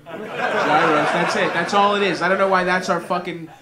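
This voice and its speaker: A man's voice: sits high, steady tone, normal speed, heavy background noise. A young man doing a loose stand-up set with crowd work, rambling and self-deprecating with plenty of swearing. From Greek family. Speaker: stand-up comedian. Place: comedy club in front of live audience. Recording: live comedy club audience.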